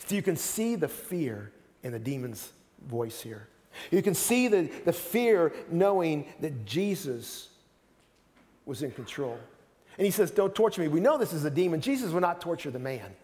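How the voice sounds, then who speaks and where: A man's voice: a little high, very animated, moderate pace, a little mellow, in a large hall. A man preaching a sermon as pastor, earnest, often repeating words as he starts a sentence.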